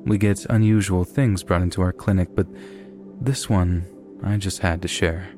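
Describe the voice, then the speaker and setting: A man with a very deep voice reads submitted horror stories in a measured, steady way. Soft music plays faintly under the narration. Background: soft background music.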